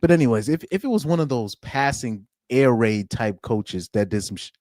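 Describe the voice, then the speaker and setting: A man's voice: medium pitch, lively intonation, moderate pace, darkish tone, dry recording, clean studio sound. A man hosting a casual live stream, reacting to a football game and laughing often as he rambles. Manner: laughs often, loose and rambling with many restarts.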